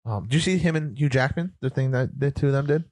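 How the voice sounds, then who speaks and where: A man co-hosting a podcast, trading quick, excited banter about movies in a casual chat. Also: medium pitch, no room sound, clean studio sound. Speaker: podcast co-host.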